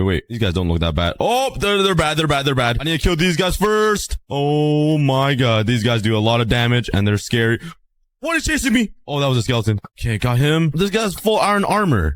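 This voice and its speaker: A young man giving excitable Minecraft let's play commentary, exclaiming and laughing often. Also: mid-range voice, dry recording. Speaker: gaming YouTuber.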